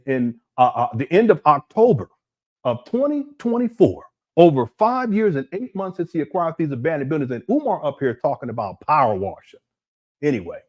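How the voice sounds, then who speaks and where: A man giving rambling, incredulous commentary on a livestream, talking to his chat from a desk mic at home. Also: medium pitch. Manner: animated, incredulous, rambling with restarts.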